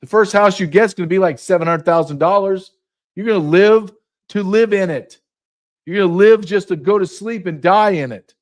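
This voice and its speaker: A man's voice: high-pitched, moderate pace. Man, fifties, show host, political rant, sarcastic, blunt. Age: 50s. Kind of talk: political commentary.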